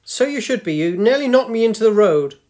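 A man's voice: high voice, animated, fairly quick, darkish tone, pitched above the performer's own voice. A man voicing a grumpy, wry old woman of ninety-two in a storybook reading, tart and teasing. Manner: tart, teasing, lecturing the young.

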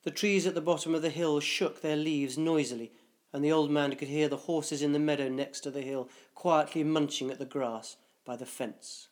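A man reading a dark short story aloud, in a measured, deliberate narration. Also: on the high side, fairly even intonation.

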